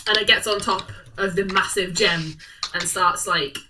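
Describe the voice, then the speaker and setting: A woman's voice: mid-range voice, a little slow. A woman narrating a tabletop game as dungeon master, playful and giggly, making bouncing sound effects. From United Kingdom. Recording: slightly distant mic with faint noise.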